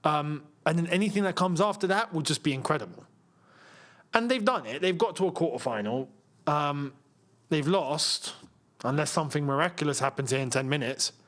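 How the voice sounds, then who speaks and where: Young guy reacting live to a match, chatty, laughs a lot, bouncy lively voice. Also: on the high side, normal speed. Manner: chatty, laughs often, reads viewer comments. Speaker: host of a football watchalong. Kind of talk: casual live match commentary and chat.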